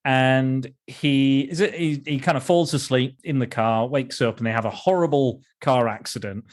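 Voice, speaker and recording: A man talks through old films in a loose, rambling way, restarting sentences and chuckling as he goes. His voice sits at an ordinary middle pitch, and he sounds like a relaxed podcast co-host. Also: normal speed. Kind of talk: casual film discussion.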